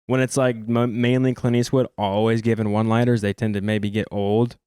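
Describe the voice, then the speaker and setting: A man co-hosting a casual film podcast, talkative and quick to laugh. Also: lowish voice, level tone, warm tone, smooth, dry recording, studio quality. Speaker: podcast co-host.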